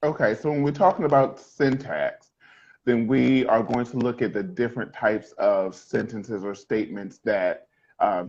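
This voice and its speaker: A man's voice: medium pitch, dull audio. A male middle school teacher explaining sentence types, joking and quizzing his students. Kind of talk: classroom lesson.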